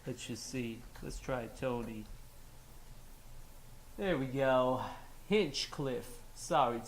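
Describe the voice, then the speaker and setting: A man's voice: medium pitch, slight background noise. A young man from Los Angeles with a New York-sounding accent, co-hosting a casual chat, loose and rambling, trailing off with fillers. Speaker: co-host.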